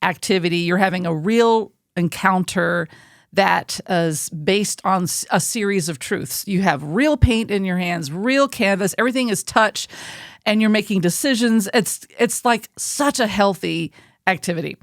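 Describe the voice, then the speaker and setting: A woman's voice: mid-range voice, measured pace, no echo, clean studio sound. A woman co-hosting a podcast in casual chat, explaining her views in a thoughtful, earnest way. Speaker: podcast co-host.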